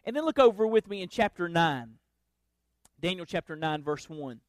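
With lively intonation and a moderate pace, a high-voiced pastor delivers a sermon structured around emphatic, repeated refrains. The audio is dry and close, with no room sound at all.

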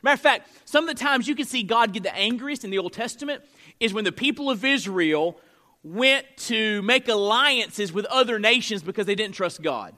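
Male preacher with a high, bright voice, emphatic and conversational at the pulpit. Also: expressive, normal speed. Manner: emphatic, conversational preaching with frequent "right?" tags. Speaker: pastor. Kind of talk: sermon. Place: church room with a live congregation.

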